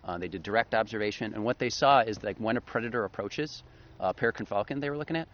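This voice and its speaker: Explaining research on a podcast he co-hosts, a man talks fast and casually, full of enthusiasm and quick to laugh. His voice is on the low side with a fairly bright tone, though the lo-fi recording comes across slightly dull.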